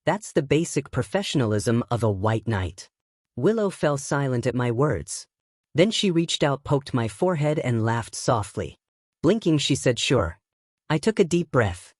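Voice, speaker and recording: A man reads a first-person tale in a steady, wry voice, pitched in the middle for a man. The sound is close and dry, with no room behind it. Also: normal speed, dry recording. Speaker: narrator. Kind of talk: first-person story narration.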